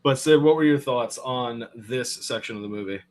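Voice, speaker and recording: A man's voice: mid-range voice, darkish tone. A man co-hosting a casual movie podcast, amused and acting out scenes as he retells them. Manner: amused, acts out scenes in quick bursts. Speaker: podcast co-host. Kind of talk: casual movie review chat.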